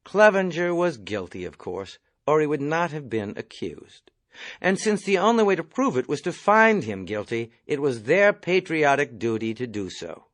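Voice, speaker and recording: A man narrating an audiobook in a wry, measured reading voice. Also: a little high, big pitch swings, fairly bright tone, dry recording. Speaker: audiobook reader.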